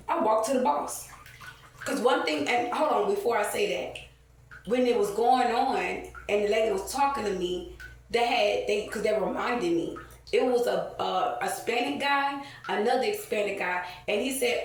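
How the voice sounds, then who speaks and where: A woman's voice: fairly high pitch, normal speed. Echoey, distant angry woman ranting. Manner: heated, profane storytelling with many fillers. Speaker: vlogger. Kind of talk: casual rant to camera. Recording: very echoey, distant, faint ambient noise.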